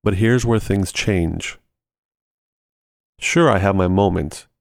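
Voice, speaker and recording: A man's voice: deep voice, slow, vocal fry, no room sound, clean studio sound. A man hosting a ministry podcast, teaching in a conversational way and walking through everyday examples step by step, repeating short phrases for emphasis.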